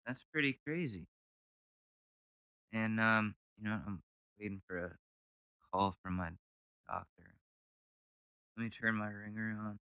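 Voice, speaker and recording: A man's voice: fairly low pitch, unhurried, long pauses, pushed and bright, clean tone, no room sound, studio quality. A man hosting a comedy news podcast from home, reacting to clips with sarcastic, rambling commentary. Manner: sarcastic, rambling, mocks clips with silly voices. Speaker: podcast host. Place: home room.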